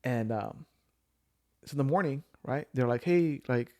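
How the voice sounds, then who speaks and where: A man's voice: medium pitch, moderate pace, mellow. A man, telling a personal story in casual chat, full of fillers and restarts. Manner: rambling storyteller with many fillers. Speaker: podcast guest sharing his story.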